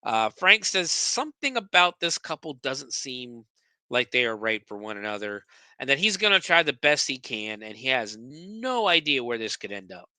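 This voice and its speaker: Bright-voiced man recapping a movie. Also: mid-range voice, big pitch swings, moderate pace, no echo. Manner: profane, sarcastic, stumbling over words. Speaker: podcast host recapping a movie.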